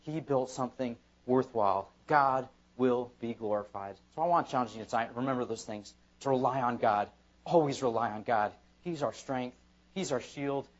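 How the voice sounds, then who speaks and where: At a moderate pace and middle pitch, a pastor delivers an evening church sermon, driving his points home with repetition and emphasis. The audio is dull and lo-fi.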